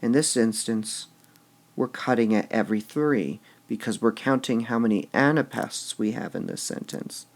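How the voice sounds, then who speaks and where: A man teaching poetic meter in a recorded lesson, slowly sounding out syllables and muttering to himself as he marks the stresses. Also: mid-range voice. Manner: slow and deliberate, sounding out stressed syllables, drops to a mutter when writing.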